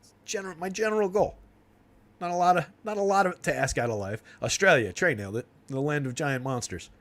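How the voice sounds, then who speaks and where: A man's voice: medium pitch, expressive, fast, fairly bright tone. Chatty young man hosting a livestream. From New Jersey. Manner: rambling, chatty, laughs often, fillers. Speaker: fantasy sports stream host. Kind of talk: casual livestream chat.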